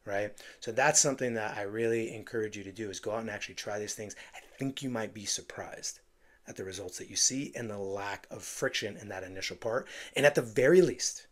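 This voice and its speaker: A man's voice: lowish voice, fairly quick, fairly bright tone. Emphatic male sales coach. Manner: emphatic, acts out phone calls with playful voices. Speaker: real estate sales coach. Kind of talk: direct-to-camera sales coaching.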